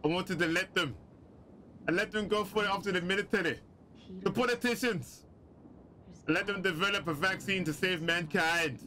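A man's voice: high-pitched, steady tone, fairly quick, hardly any pauses, pushed and bright, slight background noise. A man voicing a pleading wife writing to her absent husband, in an improvised put-on accent. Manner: improvised put-on accent, unsure which one.

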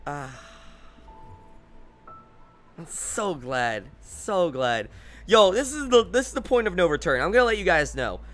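Bright, lively young male streamer. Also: sits high, measured pace, long pauses, soft background music. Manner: excited, rambling, laughs a lot. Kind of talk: gaming commentary.

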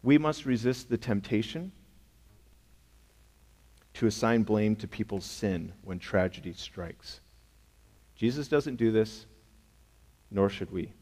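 A man's voice: fairly low pitch, slow pace, long pauses, darkish tone. A man preaching a sermon as a pastor, emphatic and conversational, often asking the congregation rhetorical questions. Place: church sanctuary. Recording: long hall reverb.

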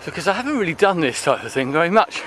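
A man's voice: a little high, big pitch swings, fast talker, a bit bright, a little hiss or hum. A man, out of breath and chatting casually as he climbs a hill outdoors. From England. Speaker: vlogger. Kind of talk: casual walking commentary. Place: open hillside outdoors.

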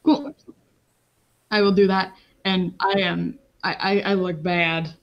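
A woman's voice: mid-range voice, fairly even intonation, takes it slowly. Female tabletop player, hesitant and questioning, on a dull, lo-fi mic. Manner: hesitant, asks about the rules. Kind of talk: tabletop game play over a call.

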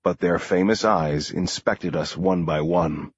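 Low husky male narrator. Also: unhurried. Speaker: audiobook narrator. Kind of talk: first-person thriller narration. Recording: muffled dry close-mic audio.

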